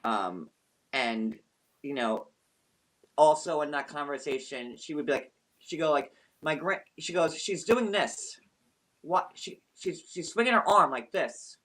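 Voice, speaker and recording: A man hosting a live stream, telling a personal story in an animated, emphatic way with some swearing. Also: on the high side, measured pace. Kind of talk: casual storytelling.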